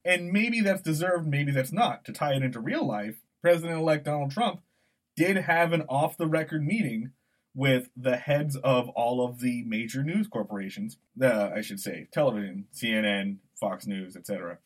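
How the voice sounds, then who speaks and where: A man co-hosting a podcast, talking through a film scene in an animated, digressive way. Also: medium pitch, normal speed. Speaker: podcast co-host. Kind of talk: conversational podcast discussion.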